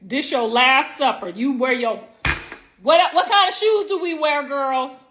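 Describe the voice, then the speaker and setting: Against a noisy background, a middle-aged woman hosts a casual home livestream from her phone, speaking a little slowly in a high-pitched voice. She's brash and foul-mouthed, teasing her viewers directly and stretching words out for emphasis.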